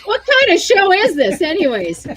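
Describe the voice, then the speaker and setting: A woman's voice: very high voice, wildly swooping pitch, moderate pace, a bit bright, low-quality recording. A woman from Canada, a guest musician talking in a casual chat, restarting her sentences often and laughing easily. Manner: chatty, self-correcting, laughs easily. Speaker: featured artist guest. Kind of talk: casual video call chat.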